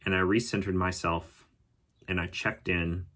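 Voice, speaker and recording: Low-voiced man telling a personal story. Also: a little slow. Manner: calm, reflective storytelling with occasional laughs. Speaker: podcast host.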